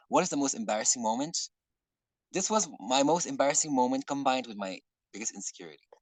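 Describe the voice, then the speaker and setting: A man's voice: medium pitch, dry recording, rough recording. Earnest man leading an online workshop. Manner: earnest, rambling, often clears throat. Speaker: workshop facilitator. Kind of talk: casual online workshop talk. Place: online video call.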